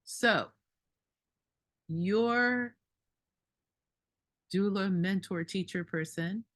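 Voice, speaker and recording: A woman doula telling a story at a group meeting, animated and indignant, laughing between lines. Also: medium pitch, very slow.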